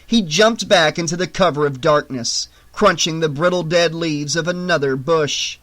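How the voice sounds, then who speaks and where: A man narrating a horror novel audiobook in a steady, measured reading. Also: on the high side.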